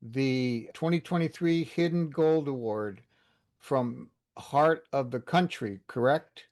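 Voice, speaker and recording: A man's voice: mid-range voice, slow pace. A man hosting a podcast, praising his guest and then closing the show with announcements. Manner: warm, encouraging, calls guest brother. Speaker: podcast host. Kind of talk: podcast interview and sign-off.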